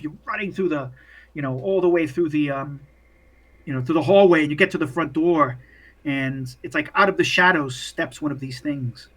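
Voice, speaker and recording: A man running a tabletop game as game master, narrating in a halting, rambling way full of restarts. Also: fairly high pitch, a bit bright, slightly rough.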